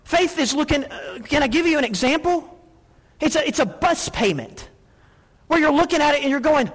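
A man preaching a sermon as a pastor, telling stories in an animated way and repeating words as he builds up. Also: extremely high pitch, normal speed, big-room sound. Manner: storytelling, animated, repeats words when excited.

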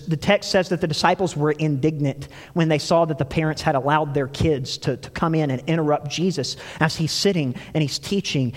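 A man preaching a sermon, telling stories with animated delivery and acting out quoted lines. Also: on the high side, long reverb tail. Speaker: pastor.

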